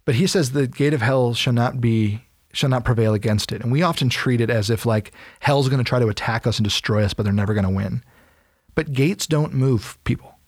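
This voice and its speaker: A man's voice: mid-range voice, brisk, slightly rough, no room sound, studio quality. A man co-hosting a podcast, explaining Bible passages in casual chat and acting out the quotes as he goes. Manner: animated storytelling, acts out quotes. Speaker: podcast co-host.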